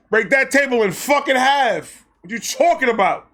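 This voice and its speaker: A man telling a personal story in a casual vlog, excitable, animated and full of profanity. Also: very high-pitched, moderate pace. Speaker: storyteller host.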